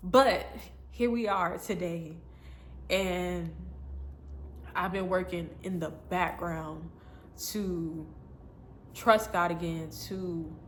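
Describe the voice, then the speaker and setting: A woman's voice: fairly low pitch, fairly even intonation, very slow, long pauses, slight background noise. A woman telling an emotional personal faith story to her viewers in an earnest, repetitive way. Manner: earnest, repetitive, breaks into tears and laughs. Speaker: faith vlogger.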